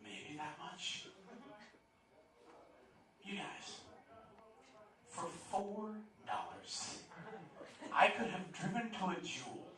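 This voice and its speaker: A man performing a stand-up comedy set in a comedy club, talking loudly to the crowd with swearing and shouted punchlines. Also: high voice, expressive, takes it slowly, pauses often. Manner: loud, swearing crowd work with rising shouts. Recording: echoey club audio from a distance.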